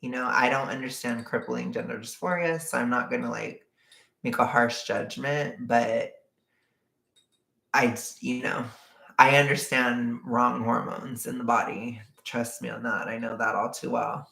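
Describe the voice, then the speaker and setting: Answering viewer chat on her livestream, this Southern California vlogger rambles in a rumbling low voice with vocal fry and a slightly bright tone. Her intonation is fairly even and her pace a little slow, and she fills her talk with "like" and frequent laughs. Her Californian accent comes through in a roomy space.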